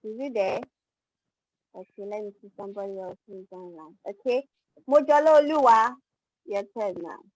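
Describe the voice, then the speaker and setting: A woman's voice: medium pitch, moderate pace, long pauses, no echo, poor audio. A woman teaching an online class over a video call, patiently modeling pronunciation for students to repeat.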